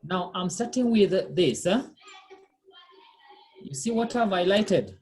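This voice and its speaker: Slow, patient woman teaching online. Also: mid-range voice, expressive, a little mellow. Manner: patient, repeats and checks understanding. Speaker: French pronunciation teacher. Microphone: video call.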